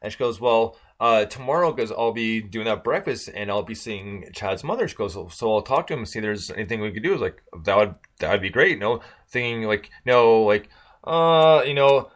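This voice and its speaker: A man's voice: on the low side, expressive, brisk. A man from Michigan telling a casual story on a podcast, rambling with many fillers and restarts.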